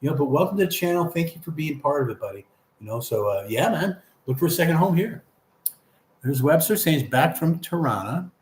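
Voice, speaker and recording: A man's voice: a little high, animated, a little fast, darkish tone, reverberant. A man hosting a casual livestream, reading viewer comments aloud in a friendly, rambling way. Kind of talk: casual live chat.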